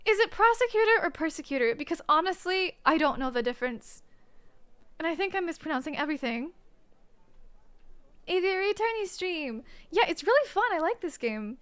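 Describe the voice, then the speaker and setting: A woman's voice: very high-pitched, lively intonation, fairly bright tone. A woman streaming a game, chatting casually and playfully and joking with her viewers. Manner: playful, joking, quick to laugh.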